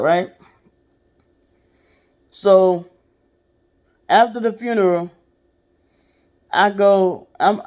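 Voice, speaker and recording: Woman, vlogger, casual storytelling, blunt, cursing freely. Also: medium pitch. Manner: blunt, profane, animated storytelling. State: sick.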